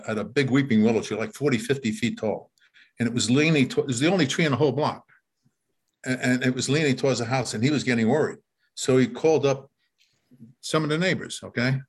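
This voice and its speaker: An older man reminiscing in casual talk, rambling and repeating words, often chuckling as he tells his story. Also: mid-range voice.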